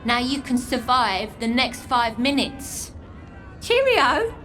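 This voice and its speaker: A woman's voice: on the high side, big pitch swings, takes it slowly, fairly bright tone, a faint crowd, a little hiss or hum, exaggerated voice. An actress voicing a blunt, streetwise outcast young woman in a video game, with an English accent and a breezy, mocking way of giving advice. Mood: cheeky.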